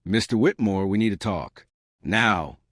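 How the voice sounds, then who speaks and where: A man's voice: lowish voice, a little slow, no room sound, clean studio sound. A man voicing an experienced woman nurse who speaks in a firm, precise, controlled way.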